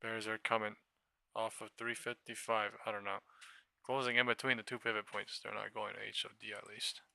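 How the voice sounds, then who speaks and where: A man streaming live stock trading, muttering commentary to himself and breaking into excitable, profane outbursts. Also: on the low side, a little fast, gravelly, no echo.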